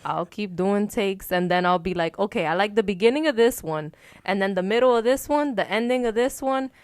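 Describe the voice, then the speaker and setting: A woman's voice: medium pitch, no room sound, studio quality. A woman co-hosting a casual podcast chat, talking frankly and at length. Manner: frank, talkative, fast trailing asides. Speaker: podcast co-host.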